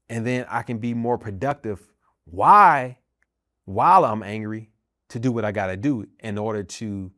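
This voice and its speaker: In clean studio audio with no room sound, a slightly bright, mid-range male voice tells his own story. He's a middle-aged U.S. army veteran who ministers and hosts a podcast, and he speaks earnestly and emphatically, hammering home phrases through repetition.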